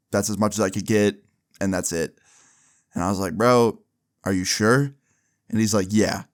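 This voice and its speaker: Slangy young man telling a story. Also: on the low side. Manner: slangy, animated retelling, acts out both sides of phone calls. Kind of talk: casual storytime narration.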